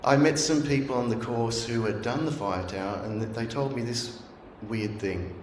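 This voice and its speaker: A middle-aged guest speaker earnestly tells a sermon as a personal story, acting out the voices he remembers. His voice is mid-range and moderately paced, and the church hall recording has a roomy echo with faint hiss.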